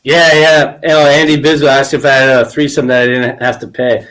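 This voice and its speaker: A man's voice: medium pitch, level tone, a little fast, fairly bright tone. A man hosting a podcast, telling crude stories in casual chat and laughing often. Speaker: podcast host.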